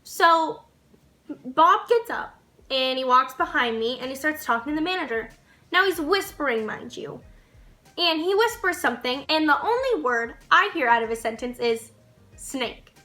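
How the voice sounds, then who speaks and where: High, bright-voiced young woman vlogger. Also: moderate pace. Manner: animated, swearing, laughing storyteller. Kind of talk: casual storytelling to camera.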